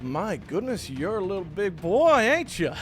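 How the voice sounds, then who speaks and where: A man's voice: sits high, big pitch swings, a little slow, fairly bright tone, faint music behind, voice pushed up, heavily acted. Een man die speelt een vriendelijke boerse man. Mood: kindly. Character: folksy kindly man freeing a prisoner.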